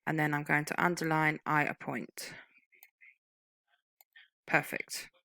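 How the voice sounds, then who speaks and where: A woman tutors typing over a screen recording, walking through each step patiently and explaining the terms. Her voice sits fairly low yet sounds bright and clear. The recording is dry and close. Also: flat delivery, slow, no room sound, poor audio.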